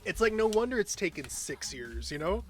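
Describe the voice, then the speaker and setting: A man's voice: high-pitched, very animated, moderate pace, faint music behind. A man streamer chatting casually while he plays, rambling and self-deprecating. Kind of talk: casual chat while gaming.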